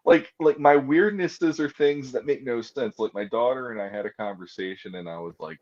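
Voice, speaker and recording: Man, podcast co-host, casual rambling stories, self-mocking, laughs often, mid pitch, muffled lo-fi audio. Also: normal speed, few pauses, a little mellow. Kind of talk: casual chat.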